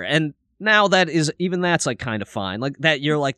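A man's voice: fairly high pitch, very animated, normal speed, pushed and bright, no echo, studio quality. A man in his thirties co-hosting a podcast, telling a rambling, profane story in casual chat. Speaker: podcast co-host.

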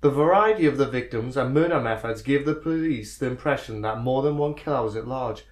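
Male podcast co-host, mid-pitched, giggly, rambling, trails off. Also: brisk. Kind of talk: casual banter.

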